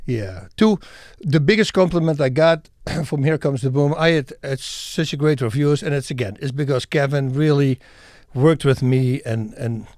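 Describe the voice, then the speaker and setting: A middle-aged man from the Netherlands, telling stories as a podcast guest in an animated, emphatic way and acting out scenes. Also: mid-range voice, moderate pace, hardly any pauses, no echo, clean studio sound. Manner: animated, emphatic storyteller who acts out scenes. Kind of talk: podcast interview storytelling.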